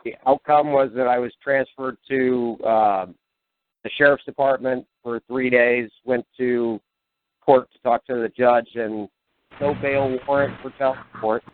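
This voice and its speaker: A man's voice: medium pitch, fairly even intonation, a little slow. A man calling in to a talk show, telling his story hesitantly with many fillers. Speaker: caller. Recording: dry, tinny phone line.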